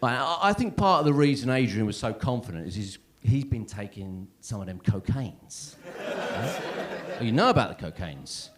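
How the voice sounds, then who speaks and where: Onstage at a comedy club, a thirtysomething comic rambles through a self-deprecating set, constantly checking in with the crowd and peppering it with "right?" and "yeah?". He speaks in a mid-range voice, expressive and at a moderate pace.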